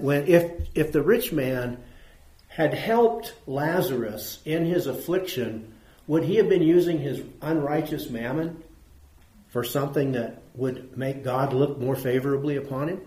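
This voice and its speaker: With a warm voice pitched on the high side, this man leads a conversational Bible lesson for a church audience. He asks questions and goes back over key points to stress them, and the room sounds echoey.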